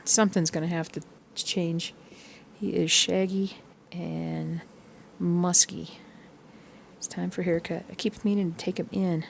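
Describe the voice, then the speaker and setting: A woman chatting casually while she stitches, rambling through everyday stories and sometimes humming or singing softly along to music. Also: fairly low pitch, little pitch movement, a little slow, vocal fry, a little hiss or hum. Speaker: cross-stitch vlogger.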